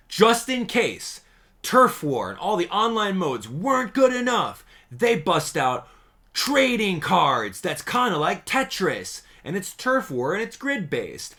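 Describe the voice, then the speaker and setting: A male gaming YouTuber with a fairly high voice reacts to a game trailer, his slangy, excitable commentary swinging between hype and sarcasm.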